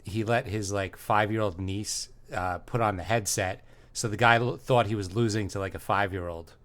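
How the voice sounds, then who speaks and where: A man's voice: lowish voice, fairly even intonation, moderate pace, a bit bright. A man co-hosting a casual comedy podcast, laid-back and laughing at his own stories. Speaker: podcast co-host.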